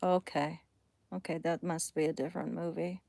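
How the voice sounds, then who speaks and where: A woman chatting casually on a late-night livestream at home, rambling between thoughts and often dropping to a hushed near-whisper. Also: on the low side, level tone, normal speed, creaky, no echo. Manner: rambling, drifting between thoughts while reading chat.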